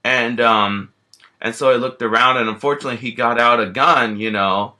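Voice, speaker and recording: A man's voice: mid-range voice, steady tone, normal speed, sharp tone. A man casually telling a rambling first-person story as a bear character, filling his sentences with lots of "you know" and restarts.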